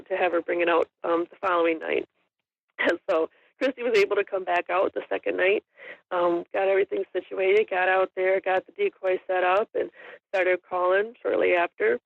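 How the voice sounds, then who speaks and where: Woman with a gravelly voice chatting about a hunt, laughs a lot, dry dull sound. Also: medium pitch, dry recording. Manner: chatty, laughs often while telling the story. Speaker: hunting guest. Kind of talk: casual storytelling in an interview. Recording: dull lo-fi audio.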